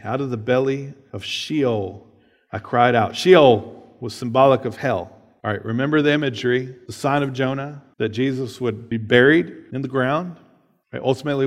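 A man's voice: mid-range voice, long reverb tail. A man preaching a sermon, reading scripture aloud and explaining it in a casual way, often checking in with "right?". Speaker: pastor.

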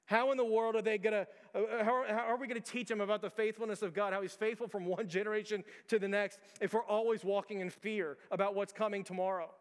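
A man's voice: high voice, steady tone, fast talker, hardly any pauses, in a large hall. A man preaching a sermon as pastor, earnest and driving, stacking one rhetorical question on another.

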